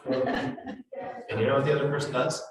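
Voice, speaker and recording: A man giving a live real estate training talk to agents, blunt and animated, acting out the people he quotes. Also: mid-range voice, moderate pace, a crowd in the background. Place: training room with an audience. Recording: roomy, echoey hall from far off.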